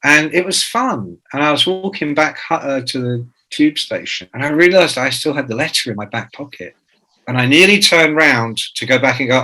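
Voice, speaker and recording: Male guest in his 60s, swears freely, acts out quotes, bright crisp tone; fits an interview guest. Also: medium pitch, expressive, normal speed, rough recording. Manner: profane, jokey storyteller who acts out quotes. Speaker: author and guest. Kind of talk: anecdotal interview talk.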